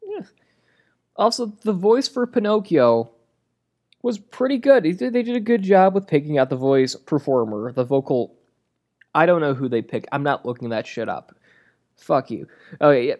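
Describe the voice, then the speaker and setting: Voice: medium pitch, big pitch swings, moderate pace, long pauses, a little mellow. A movie reviewer delivering a comedic rant in a sarcastic, crude and exasperated way.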